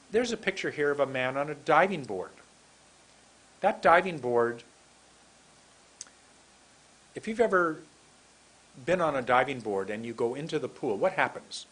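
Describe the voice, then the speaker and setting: Guy teaching english pronunciation, husky voice, slow and careful, says words one at a time for you to repeat. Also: mid-range voice, fairly bright tone, low-quality recording. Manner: slow, deliberate, drills single words aloud. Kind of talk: recorded lesson.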